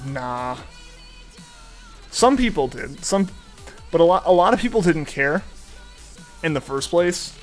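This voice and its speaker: A man's voice: a little high, lively intonation, a little slow, pauses often, faint music behind. A young man streaming a game, chatting casually and rambling with many fillers and restarts. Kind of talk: casual chat while gaming.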